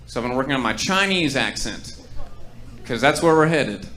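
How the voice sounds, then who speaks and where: Bright-voiced young male stand-up comic. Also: mid-range voice, normal speed, slight background noise. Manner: dry deadpan setups with ironic punchlines. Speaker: stand-up comedian. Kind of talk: stand-up set. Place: comedy club stage.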